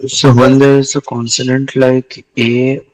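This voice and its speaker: A man's voice: mid-range voice, little pitch movement, unhurried, distant mic, rough recording. A male student giving a hesitant answer in class.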